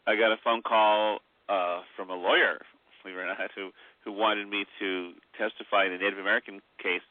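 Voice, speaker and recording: A man's voice: fairly low pitch, steady tone, a little fast, dry recording. A man, an author guest on a phone-in radio interview, telling long rambling stories with many fillers. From Mi'kmaq heritage. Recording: tinny phone line.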